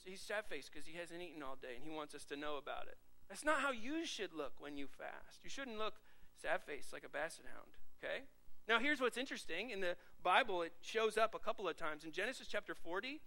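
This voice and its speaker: A man delivers a sermon in a high voice, speaking to his congregation in a loose, conversational way. His tone is bright and forceful as he asks rhetorical questions. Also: poor audio. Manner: lively conversational preaching with audience questions. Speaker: pastor.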